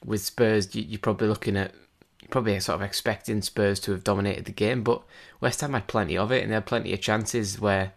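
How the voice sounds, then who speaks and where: A man's voice: on the low side, fairly even intonation, fairly quick, gravelly, few pauses. A man chatting about football on a podcast, rambling and full of restarts. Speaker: podcast co-host. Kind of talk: casual football chat.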